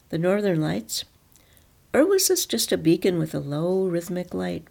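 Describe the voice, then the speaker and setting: Woman with a low, gravelly reading voice. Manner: calm, reflective storytelling. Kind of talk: reading a story aloud.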